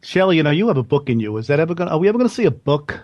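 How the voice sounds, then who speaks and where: A man's voice: on the high side, big pitch swings, racing, darkish tone, muffled recording. A man hosting a casual interview who asks friendly, encouraging questions. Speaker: podcast host.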